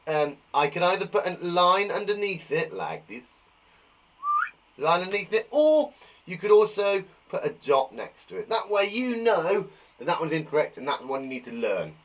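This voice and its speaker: A male teacher giving a cheerful, encouraging live spelling lesson to young children from a garden shed, saying each word slowly and clearly. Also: fairly high pitch, very animated. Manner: cheerful, encouraging, slow and clear dictation of words. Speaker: primary school teacher.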